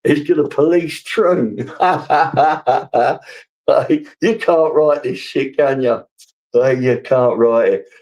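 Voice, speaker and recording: A man on a live stream, telling rambling stories full of swearing. His voice sits at an ordinary middle pitch. He talks straight to his chat in a loose, offhand way. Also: takes it slowly, darkish tone, low-quality recording. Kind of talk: casual live-stream rant.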